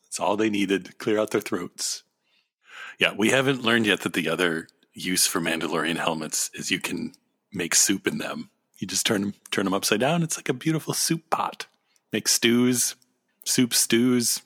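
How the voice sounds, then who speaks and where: A man's voice: lowish voice, animated, moderate pace, a bit bright. A man co-hosting a casual comedy chat, joking, riffing and laughing often. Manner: joking, laughs often, riffs on absurd ideas. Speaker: podcast co-host.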